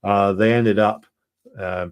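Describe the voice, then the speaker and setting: A man with a fairly low voice lectures on history in an earnest, explanatory way. He talks off the cuff and stumbles often into ums and half-finished restarts. The sound is close and dry, with no room in it. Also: steady tone, smooth, dry recording. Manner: halting, with frequent ums and restarts. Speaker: presenter of a political history programme. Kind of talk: unscripted explanatory talk.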